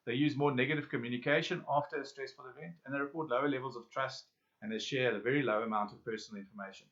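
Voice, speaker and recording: A man leads a self-help lesson and keeps turning to his listeners with questions and pauses. His voice sits at a middle pitch. The recording is muffled and lo-fi. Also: steady tone, a bit bright. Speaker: workshop facilitator. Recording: dull lo-fi audio.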